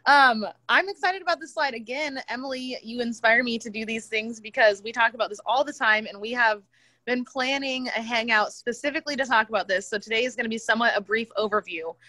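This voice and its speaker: Woman webinar presenter, bright and animated, dry close video-call sound. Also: fairly high pitch, fairly quick, no room sound. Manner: animated, laughs easily, talks through examples. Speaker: co-host presenter.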